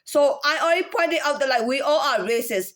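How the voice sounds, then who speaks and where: A woman talking in a casual monologue, halting with many restarts and fillers, sometimes demonstrating different speaking tones. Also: sits high, lively intonation, fairly bright tone.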